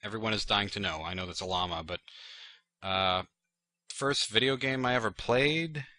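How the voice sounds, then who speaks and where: A man's voice: on the low side, moderate pace, bright, forceful tone. A man hosting his channel, answering viewer questions in a rambling, casual chat full of fillers and self-deprecating jokes. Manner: rambling and chatty, full of "like" and "you know".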